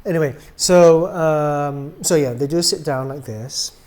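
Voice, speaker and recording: Demonstrating how to pose and reset a doll's joints, a middle-aged doll maker speaks in a fairly high-pitched voice at a slightly slow pace. He stays relaxed and chatty, says um a lot, and lets his phrases trail off quietly.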